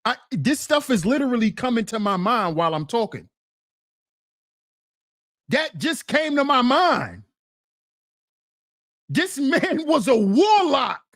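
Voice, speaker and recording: A woman streamer giving a ranting commentary, animated and mocking, repeating her points and laughing through them. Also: on the high side, takes it slowly, pauses often, dry recording, clean studio sound.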